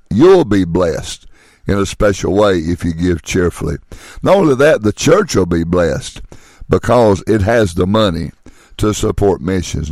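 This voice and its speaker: A man's voice: low-pitched, darkish tone, dry recording, clean studio sound. A man preaching a sermon on missionary giving, stressing his points with repeated phrases and rhetorical questions.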